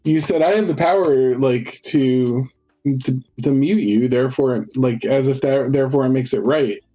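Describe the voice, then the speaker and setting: A man co-hosting a podcast with mid-pitched, mellow tone and joking banter. Soft music sits faintly behind him. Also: moderate pace. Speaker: podcast co-host. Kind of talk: casual podcast chat.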